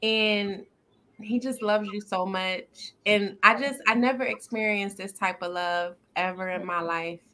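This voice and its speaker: A woman's voice: mid-range voice, fairly even intonation, a little slow, sharp tone. A woman co-hosting a faith podcast in casual chat, earnest and upbeat, laughing often. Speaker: podcast co-host.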